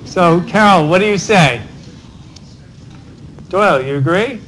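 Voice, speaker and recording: High-voiced professor firing questions. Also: male voice, animated, a bit bright, a little hiss or hum, rough recording. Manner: rapid cold-calling of students, tag questions like "right?". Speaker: law professor. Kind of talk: Socratic classroom lecture. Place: university classroom.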